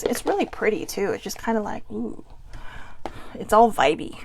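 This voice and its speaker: A woman's voice: medium pitch, gravelly. A woman hosting a live oracle card reading, chatting candidly and rambling, and swearing freely as she goes. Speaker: oracle card reader and host. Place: lives in Southern California.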